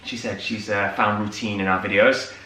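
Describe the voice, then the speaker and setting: Male co-host, casual rambling storyteller, bright tone, roomy distant sound. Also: lowish voice, fairly even intonation, normal speed. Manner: chatty storyteller, many fillers. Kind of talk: casual morning chat. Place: home room. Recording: echoey room, mic at a distance.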